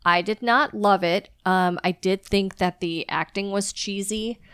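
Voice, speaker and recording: A woman's voice: medium pitch, measured pace, fairly bright tone, smooth, no echo, clean studio sound. A woman co-hosting a casual chat show, talking with many fillers and restarts. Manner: chatty, hesitant with many fillers. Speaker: podcast co-host.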